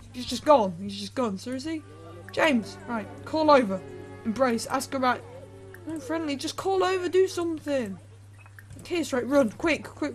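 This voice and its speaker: High-voiced, excitable woman gaming. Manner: excitable, chatty, breaks into sudden shrieks and humming. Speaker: Let's Play host. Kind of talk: Let's Play gameplay commentary.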